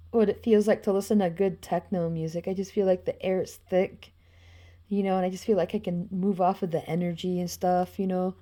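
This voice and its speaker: A woman with a warm, mellow voice rambles casually about her own drawings. She swears freely and fills the gaps with "you know.". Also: medium pitch. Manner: loose and profane, with frequent "you know" and laughs. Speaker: vlogger showing her drawings.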